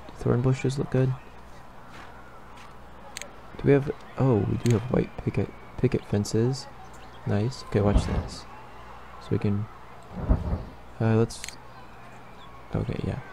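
A man's voice: medium pitch, steady tone, takes it slowly, gravelly, pauses often, noisy background. A young man giving casual let's-play commentary, rambling and thinking aloud as he builds. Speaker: gaming YouTuber.

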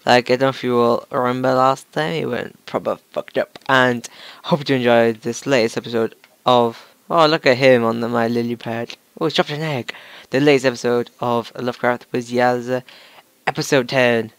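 A gaming channel host, a young man with a slight cough and sore throat, chats and swears casually with viewers during let's play commentary. His medium-pitched voice is clear and resonant, fairly even in intonation, at normal speed, in a dry recording.

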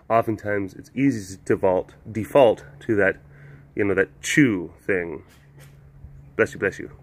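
A young man hosting a webcast, rambling casually, laughing often and poking fun at himself. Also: on the low side. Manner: meandering, laughs often, self-mocking. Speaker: webcast host.

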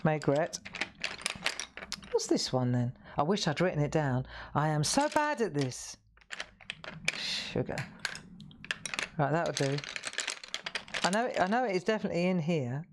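A woman's voice: low-pitched, big pitch swings, unhurried, pauses often, background noise. A woman hosting a live coloring demonstration, chatting and asking viewers questions as she works. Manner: chatty, asks viewers questions, laughs often. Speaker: craft show host.

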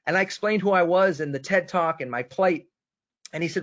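A man's voice: fairly high pitch, brisk, fairly bright tone. A man from Boston presenting a sales webinar, telling a story with enthusiasm and turning to his co-host by name. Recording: dull lo-fi webinar audio.

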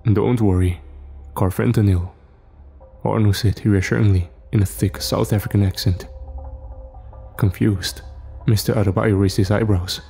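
A man narrating a scripted horror story in a steady, measured way. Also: lowish voice, gravelly, husky. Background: faint music.

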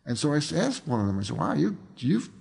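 A man's voice: fairly high pitch, sing-song, fast talker, gravelly, a little mellow, husky. An older man, an author and filmmaker, telling rambling anecdotes in a casual interview, full of fillers and restarts.

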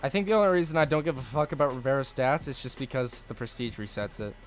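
A man streaming live gameplay and answering his chat, cursing often and swinging between low mutters and angry outbursts. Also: fast, soft background music. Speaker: gaming streamer.

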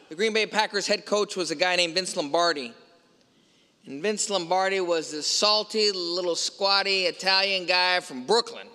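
Priest, male, storytelling homily, bright and fairly high voice, long church echo. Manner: storytelling, emphatic rhetorical questions. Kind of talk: sermon. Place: large church.

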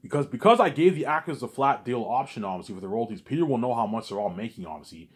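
A man's voice: mid-range voice, lively intonation, fast, husky. A man rambling through a casual monologue, repeating himself and drifting into talking to himself. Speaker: vlogger.

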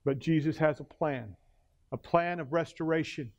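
High-voiced male pastor preaching dramatically. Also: a little mellow, muffled recording. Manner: dramatic storytelling, slowing for emphasis. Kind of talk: sermon.

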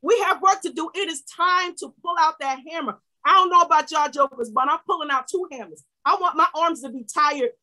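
A woman pastor preaching a fervent sermon, swinging from shouting to quiet asides. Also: sits high, fairly quick, few pauses, poor audio.

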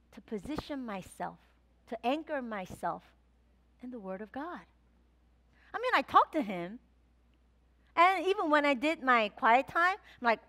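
A woman pastor preaching a sermon to her congregation, telling a personal story with animated retellings of her own thoughts. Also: sits high. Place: church sanctuary.

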